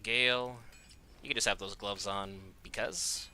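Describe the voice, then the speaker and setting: A man's voice: lowish voice, fairly even intonation, a little slow, sharp tone. A man giving casual gameplay commentary as host of a gaming channel, joking and offhand, often talking to himself.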